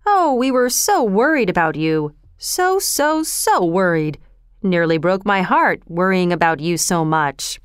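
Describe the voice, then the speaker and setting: A woman's voice: lowish voice, lively intonation, measured pace, clean tone, no echo, clean studio sound. A woman reading a storybook aloud, voicing a scheming old male thief leader who talks in an oily, falsely tender way. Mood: wheedling.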